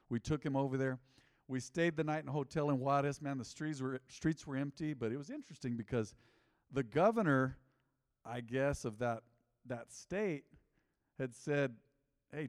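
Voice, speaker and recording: A man preaching a sermon, telling a personal story with lively acted-out quotes and shifts between loud and quiet delivery. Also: medium pitch. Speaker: pastor. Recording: long hall reverb.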